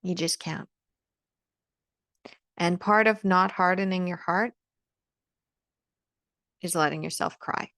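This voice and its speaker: A woman's voice: lowish voice, takes it slowly, pauses often, fairly bright tone, dry recording, clean studio sound. A woman speaking straight to camera in an earnest, emphatic motivational talk, often repeating words as she presses a point. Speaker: vlogger giving encouragement.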